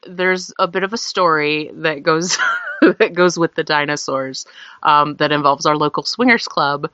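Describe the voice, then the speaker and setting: Low-voiced woman telling stories. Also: big pitch swings, takes it slowly, sharp tone, no room sound. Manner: laughing often, rambling with fillers. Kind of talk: casual storytelling. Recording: dull lo-fi recording.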